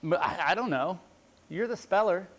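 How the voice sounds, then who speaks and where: A man's voice: sits high, expressive, normal speed, a bit bright. A middle-aged man, a chef, giving a chatty cooking demonstration and explaining each step as he works. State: teary from onions.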